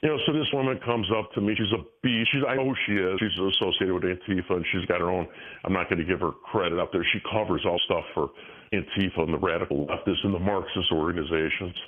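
A man in his sixties, a guest in a casual interview, talks in a rambling way with many restarts and frequent chuckles. His voice is low with fairly even intonation and he speaks fast, over a tinny phone line.

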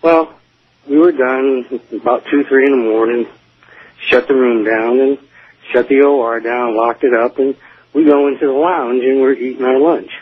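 A man's voice: mid-range voice, steady tone, moderate pace, husky, dry recording. A man calling in to a radio show, telling a story in a rambling way with many asides. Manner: rambling, lots of "you know" asides. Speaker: caller. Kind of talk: casual storytelling on a call-in show. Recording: tinny phone line.

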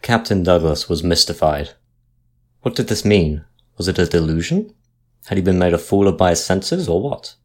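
A man reading a sea story aloud as narrator, in a measured, steady manner. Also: sits low.

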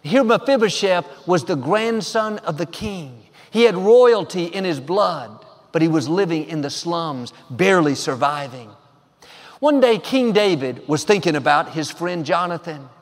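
High-voiced preacher man in a reverberant hall. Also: animated, measured pace. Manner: emphatic, declaring affirmations with rising force. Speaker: pastor. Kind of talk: sermon.

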